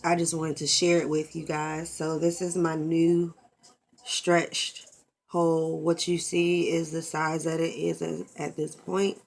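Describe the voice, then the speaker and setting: A woman's voice: low voice, flat delivery, measured pace, creaky. A woman, talking candidly and expressively in a casual vlog and swearing freely, into a camera mic. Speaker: vlogger.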